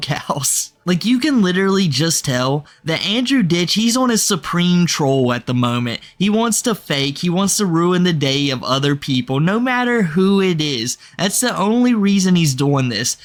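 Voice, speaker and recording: A man streamer giving mocking, animated commentary on a clip. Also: on the high side.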